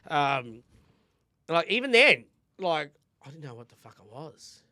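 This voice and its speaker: An Australian man co-hosting a podcast, telling a personal story in candid casual chat, swearing constantly and rambling from quiet mutters to loud bursts. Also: a little high, very animated, a little slow, no room sound, studio quality. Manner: drops quiet then bursts louder. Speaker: podcast co-host.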